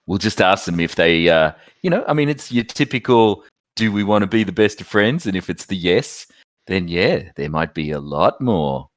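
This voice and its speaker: Low, expressive male player, persuasive, close dry mic. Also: normal speed, no echo. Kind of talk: in-character tabletop play.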